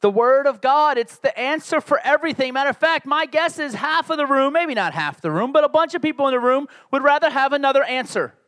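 A man's voice: very high-pitched, fairly quick, few pauses, a bit bright. A man preaching a sermon as pastor, conversational and joking, building to emphatic peaks.

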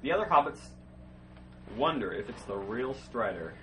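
A man's voice: medium pitch, sing-song, normal speed, fairly bright tone, a little hiss or hum, low-quality recording. A man narrating an improvised spoof to friends, often chuckling as he goes. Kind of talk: casual storytelling among friends. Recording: home recording with friends laughing.

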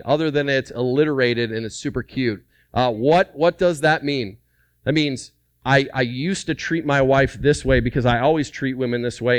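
Smooth-voiced pastor preaching to men. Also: male voice, mid-range voice, no echo. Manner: lively, joking, calls out to the audience for responses. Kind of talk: sermon to men. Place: church service.

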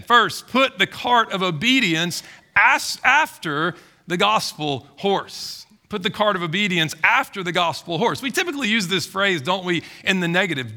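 A man's voice: high voice, bright, forceful tone. A male pastor preaching a sermon, earnest and emphatic, repeating key phrases for weight.

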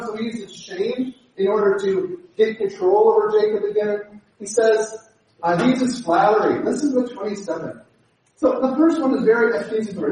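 A man preaching a sermon, animated and acting out the voices he quotes. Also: very high voice, normal speed. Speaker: pastor. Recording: echoey hall from far off.

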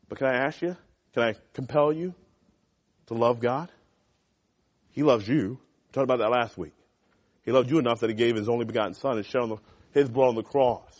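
A male youth pastor preaches to teenagers in a church classroom at a medium pitch. He's animated and conversational, alternating loud emphasis with quiet asides.

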